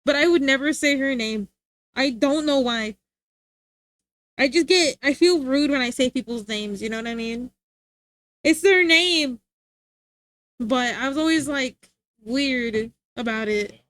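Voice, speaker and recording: A woman's voice: high-pitched, measured pace, long pauses, a bit bright, no echo. A young woman streamer chatting casually, rambling and laughing often.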